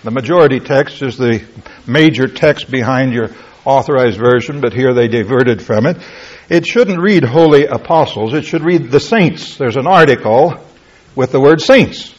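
A man's voice: medium pitch, moderate pace, slightly rough. A man preaching a Bible teaching sermon, explaining word meanings emphatically and asking rhetorical questions. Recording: lo-fi, dull-sounding recording.

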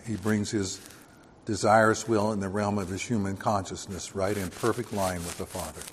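A man teaching a verse-by-verse Bible sermon, reading scripture slowly and loudly and adding emphatic, dismissive asides. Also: fairly low pitch, husky. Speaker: preacher. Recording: long hall reverb.

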